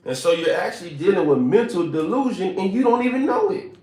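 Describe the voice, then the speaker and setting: A man's voice: high voice, very animated, fairly quick, darkish tone. A man giving a motivational live stream talk, emphatic and preacher-like, repeating his points and asking the chat to respond. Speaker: motivational speaker. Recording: roomy echo with faint music.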